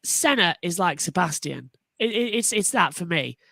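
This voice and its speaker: A woman's voice: fairly low pitch, animated, moderate pace, gravelly, bright, forceful tone, no room sound. A woman on a motorsport panel talking enthusiastically and animatedly, often restarting her sentences. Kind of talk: casual panel discussion.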